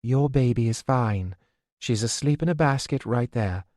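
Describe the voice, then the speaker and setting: Man voicing a brisk, practical young woman. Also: mid-range voice, darkish tone, no room sound, clean studio sound, close to an everyday voice.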